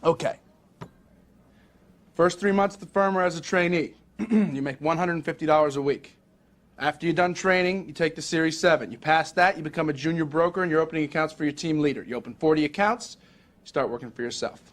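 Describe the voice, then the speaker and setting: A twenties actor plays a cocky, rich young stockbroker boss in a film monologue, delivering a brash, profane recruiting pitch. His male voice runs a little fast and the acting is light, the mood boastful and swaggering.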